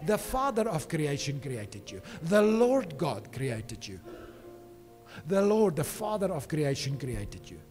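A man preaching a sermon in a high, bright-pitched voice. He speaks with emphatic conviction and keeps checking in with his listeners. The sound carries a long hall reverb, with faint music underneath. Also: sing-song, slow. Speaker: pastor. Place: church.

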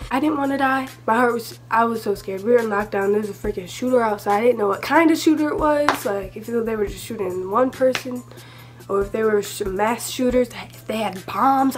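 A teenage girl telling a storytime vlog in a chatty, rambling way, full of asides and fillers. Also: fairly high pitch. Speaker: vlogger.

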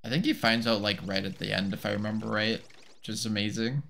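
Bright-voiced man musing over gameplay. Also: fairly low pitch, fast, gravelly, a little hiss or hum. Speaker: let's play host. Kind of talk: casual gameplay commentary.

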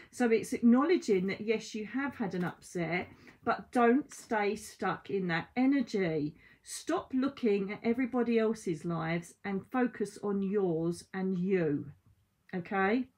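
Chatty, blunt woman reading cards. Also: medium pitch. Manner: chatty, blunt and swearing, with lively asides. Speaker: psychic card reader. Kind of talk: casual oracle card reading. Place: at home by window blinds.

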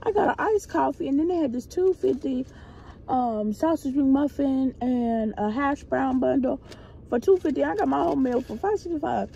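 High-voiced chatty woman vlogging from car. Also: normal speed, creaky. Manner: chatty, animated storytelling, addresses viewers as y'all. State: recovering from illness, short of breath. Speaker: vlogger who works with schoolchildren. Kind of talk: casual chat to camera. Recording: dull sound with loud car noise.

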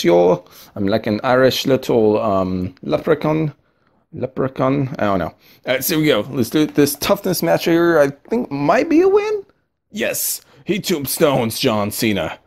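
Excitable young man chatting over gameplay. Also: medium pitch. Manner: excitable, chatty, giggling, sudden yelps. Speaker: mobile game commentator. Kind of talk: casual gameplay commentary.

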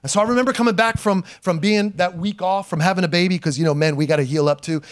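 Pastor guy in his 40s preaching, high-ish voice, punchy, tells stories and laughs at himself. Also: fast talker, smooth. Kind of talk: sermon. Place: church sanctuary.

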